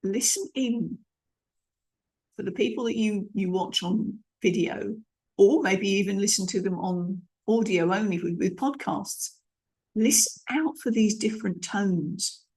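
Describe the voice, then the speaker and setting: In an instructional talk on vocal tone, a middle-aged coach emphatically shows off different tones, often starting her phrases over. She speaks at medium pitch, a little mellow and slightly rough.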